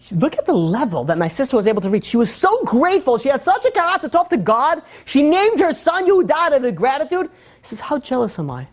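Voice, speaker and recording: Animated man teaching Torah, storytelling style. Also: very high voice. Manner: animated, emphatic, storytelling with asides. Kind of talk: informal Torah lesson.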